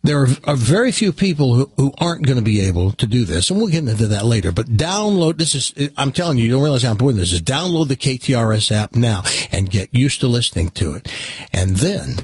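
Rambling male radio host, husky voice. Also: mid-range voice, very animated, fast, a little mellow, dry recording. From Tennessee. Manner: rambling, stammering restarts, chuckling. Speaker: radio talk show host. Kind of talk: casual radio talk. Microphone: studio microphone.

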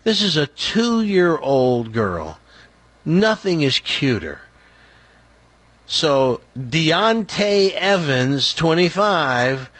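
A man with a husky voice hosts talk radio, blunt and opinionated. His pitch swings widely as he tells the story, and the close studio sound is dry. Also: a bit bright, dry recording. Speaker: radio talk show host. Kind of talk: casual talk radio monologue. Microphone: studio microphone.

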